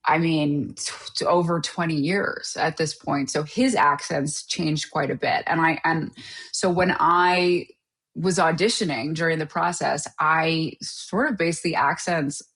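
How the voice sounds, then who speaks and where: A woman with a notably low voice talks in a relaxed interview as the guest. She is an actor from Canada and speaks animatedly, laughing often and restarting sentences as her thoughts tumble out. Her delivery is casual and conversational. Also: unhurried, breathy edge.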